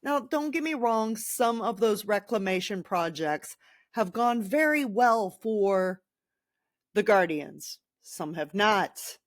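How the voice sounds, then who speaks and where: Slow-talking woman ranting sarcastically. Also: mid-range voice, no echo. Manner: sarcastic, animated venting with crude jokes. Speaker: podcast host. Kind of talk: casual sports podcast rant.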